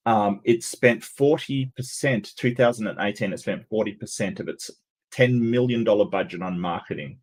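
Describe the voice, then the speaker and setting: A man hosting a livestream, giving casual sarcastic commentary with many halting restarts. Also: fairly low pitch. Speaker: livestream host.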